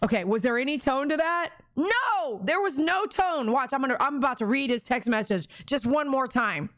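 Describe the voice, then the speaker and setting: A woman's voice: high voice, brisk, fairly bright tone, no room sound. A woman dog groomer chatting on her live stream, reading viewer comments aloud and talking emphatically, often checking that viewers agree.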